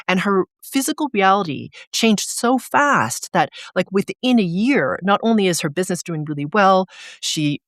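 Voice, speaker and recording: An energy coach speaks as an interview guest, explaining and telling stories in a casual, lively way. The voice sits at a middle pitch and is often padded with "like". The sound is dry, with no room echo. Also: normal speed. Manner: animated storyteller, frequent "like" fillers.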